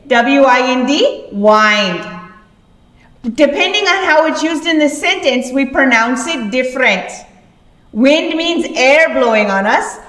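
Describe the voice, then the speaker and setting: Lady teacher, high voice, slow and patient, mic kinda far, echoey room. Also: fairly bright tone. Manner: slow, patient, repeats words. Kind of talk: classroom lesson explaining words.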